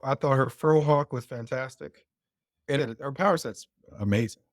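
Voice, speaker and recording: A man's voice: medium pitch, moderate pace, no echo, studio quality. A man co-hosting a casual pop culture podcast, thoughtful, with frequent restarts. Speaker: podcast co-host.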